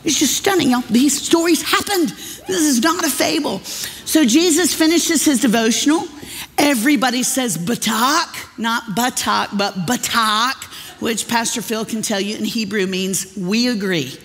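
A woman's voice: fairly high pitch, moderate pace. A woman pastor, preaching with humorous, folksy storytelling in a large church. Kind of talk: sermon. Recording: long reverb of a church hall.

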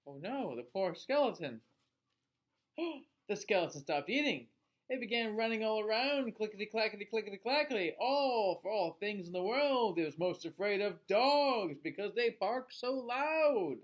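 A male teacher reading a picture book aloud to children in an expressive voice, asking them questions along the way. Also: high-pitched, moderate pace. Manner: expressive, asks listeners questions.

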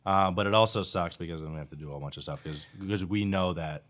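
Deep-voiced man with wry banter. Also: fast talker, fairly bright tone. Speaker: podcast co-host. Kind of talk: casual conversation.

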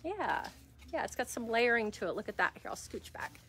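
A woman's voice: fairly high pitch, big pitch swings, a little fast, fairly bright tone, slight background noise. Chatty woman hosting a live shop sale. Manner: chatty, upbeat selling patter with fillers. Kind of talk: live shopping stream chat. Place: shop interior. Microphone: no microphone, speaking loudly.

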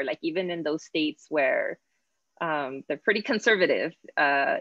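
A woman's voice: deep voice, fairly bright tone, no room sound, highs cut off. A woman hosting an online class conversation, chatty and casual, slipping in Spanish words. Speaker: host and professor.

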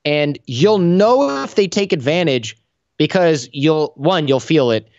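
A man being interviewed on a podcast, an animated storyteller who acts out the voices in his anecdotes. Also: a little high, unhurried, muffled recording. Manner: animated storyteller acting out dialogue. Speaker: podcast guest. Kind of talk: conversational interview.

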